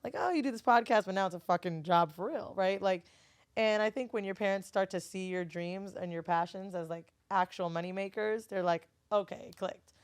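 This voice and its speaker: A woman's voice: medium pitch, brisk, clear, resonant tone, no echo, studio quality. A woman in a casual podcast chat, talking candidly and swearing freely, acting out her relatives' voices as she tells stories. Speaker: guest, studio owner and TV host.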